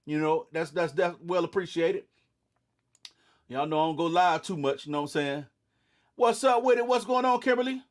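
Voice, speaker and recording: A man's voice: on the high side, normal speed, pauses often. A young man hosting a casual livestream, greeting viewers by name in a laid-back, sleepy way and often saying "you know what I'm saying.". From eastern North Carolina. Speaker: livestream host.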